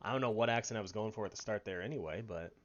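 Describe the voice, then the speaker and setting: A man's voice: lowish voice, rapid-fire, highs cut off. A man streaming a video game, chatting casually with self-deprecating asides. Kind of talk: casual let's-play commentary.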